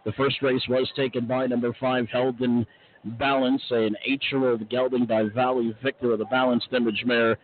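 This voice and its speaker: A man hosting a live racing podcast from a trackside stage outdoors, speaking in a hushed, casual way with many uh's. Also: medium pitch, little pitch movement, moderate pace, a little hiss or hum. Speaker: podcast host. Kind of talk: live racetrack broadcast chat. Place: outdoor stage on a racetrack finish line. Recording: tinny phone-like line.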